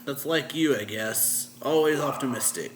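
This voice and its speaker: A man reading out the lines of a quiet, reserved young male manga character in a plain, low-key way. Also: normal speed, background noise, close to an everyday voice. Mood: thoughtful.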